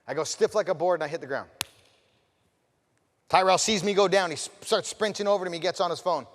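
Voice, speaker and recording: A man delivers a motivational keynote in a large hall, and the long reverb trails after his words. His voice sits a little high for a man. He swings between fired-up, loud bursts and quiet, intimate stretches while he asks the crowd direct questions. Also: fairly quick. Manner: addresses the audience directly with questions. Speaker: motivational speaker. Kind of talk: storytelling keynote speech.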